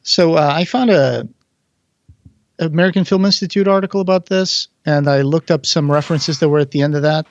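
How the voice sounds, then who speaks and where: A man's voice: fairly high pitch, fairly quick, no echo, muffled recording. A man co-hosting a podcast, giving a casual, joking commentary on a film as it plays. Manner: chatty, joking, reads quotes in an announcer voice. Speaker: podcast co-host.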